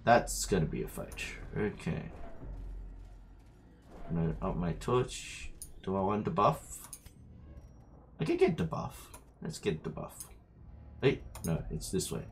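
A man's voice: low voice, sing-song, slow, gravelly, pauses often, slight background noise. A man streaming a game, chatting to himself and his viewers as he plays. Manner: chatty, talks to himself while playing. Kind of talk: live gameplay commentary. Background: faint game music.

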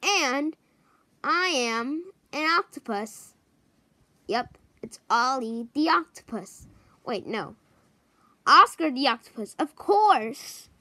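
A woman introducing a row of toys one by one, hesitant and pausing often to search for their names. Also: high-pitched, expressive, bright, forceful tone, no room sound. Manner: hesitant, many pauses and ums. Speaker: toy show presenter.

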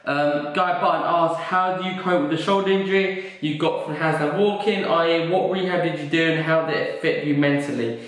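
A man's voice: a little high, fairly even intonation, a little fast, hardly any pauses, a bit bright. Chatty guy, very echoey room. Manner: chatty, joking, swears casually. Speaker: vlogger and fitness coach. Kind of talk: casual Q&A vlog.

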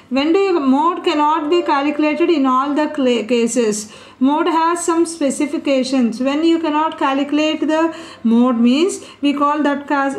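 A woman teaching a statistics lesson at a board, explaining step by step and putting questions to her class. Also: high-pitched. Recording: echoey room.

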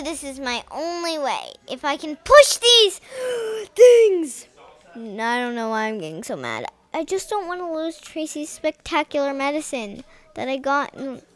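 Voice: medium pitch, a bit bright, clean tone. A young gamer commenting on a game with rambling, exasperated talk and silly made-up songs. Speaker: let's play gamer.

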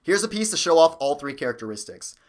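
A man's voice: fairly high pitch, sing-song, fast. Upbeat man teaching music theory. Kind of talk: upbeat video music lesson.

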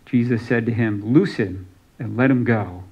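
A man's voice: mid-range voice, normal speed, slightly rough, highs cut off. A man preaching a sermon as pastor, reading scripture aloud and giving some lines dramatic emphasis.

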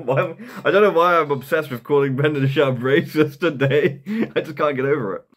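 A man's voice: a little high, normal speed. A young man giving casual comedic commentary, rambling and chuckling at his own jokes. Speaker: commentary YouTuber.

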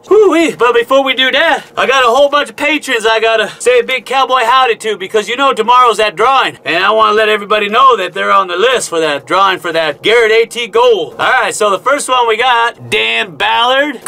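A man's voice: very high voice, fairly quick, vocal fry, hardly any pauses, pushed and bright. A man hosting a casual vlog as a gold prospector from inside a narrow mine tunnel, folksy and jokey, with whooping exclamations. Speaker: gold prospector and channel host. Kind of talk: casual show-and-tell vlog.

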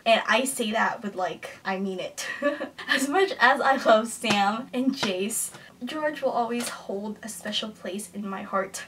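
A young woman chats casually about a book she loves, bubbly and giggly, slipping into hushed asides. Her voice sits a little high. She sounds a touch distant from the mic, with faint music underneath. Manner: gushing and giggly, drops to a hush at times. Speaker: book vlogger. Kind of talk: casual book review chat.

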